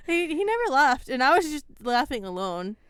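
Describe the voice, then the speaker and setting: A woman's voice: high-pitched, very animated, normal speed, fairly bright tone, clean tone, dry recording, clean studio sound. A woman co-hosting a podcast in casual chat, joking and laughing at her own stories. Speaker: podcast co-host.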